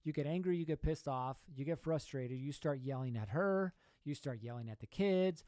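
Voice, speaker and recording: A man's voice: on the high side, expressive, a little fast, few pauses, mellow, dry recording. A young man hosting a podcast, giving an emphatic motivational talk full of rhetorical questions and repeated points. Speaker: podcast host.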